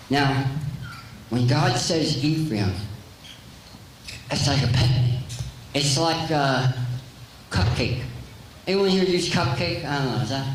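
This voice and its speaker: A man's voice: medium pitch, slight background noise. A man preaching a jokey live sermon, quizzing his congregation in a large church hall. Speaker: pastor. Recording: very echoey church hall, faint ambience.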